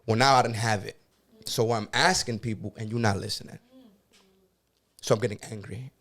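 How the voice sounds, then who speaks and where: A man's voice: on the low side, fairly even intonation, moderate pace, a bit bright. A young man hosting a podcast, talking about anger and healing in an intense, emotional way and often repeating himself. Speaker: podcast host. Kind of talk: emotional casual talk.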